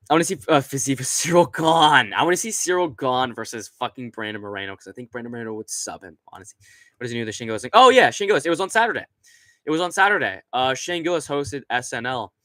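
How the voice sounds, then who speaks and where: This young streamer hosts a casual late-night session at his computer, rambling, cursing and filling gaps with fillers. He speaks with medium pitch and a sharp tone. His desk microphone is right in front of him, and there's no room sound.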